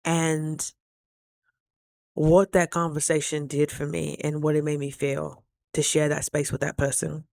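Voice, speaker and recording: Gravelly-voiced woman telling a playful story. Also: low-pitched, monotone, unhurried, darkish tone, no room sound, studio quality. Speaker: vlogger. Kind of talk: casual storytelling vlog.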